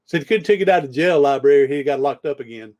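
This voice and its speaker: A man's voice: on the high side, fast talker, a little mellow. Rambling, easygoing storyteller man. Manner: rambling storyteller, frequent restarts. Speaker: podcast host. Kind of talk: casual conversation.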